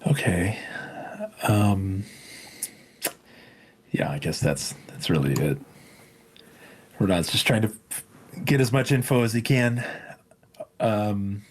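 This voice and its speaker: A man's voice: lowish voice, slow pace, pauses often, breathy edge. A man playing at a tabletop game, hesitant with fillers. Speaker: player. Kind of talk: casual play at the table.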